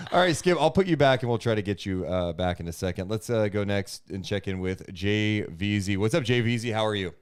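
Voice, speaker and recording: Man co-host, animated, playful, swinging pitch, emphatic delivery. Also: a little fast, few pauses, clean tone. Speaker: podcast co-host. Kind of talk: live podcast chat.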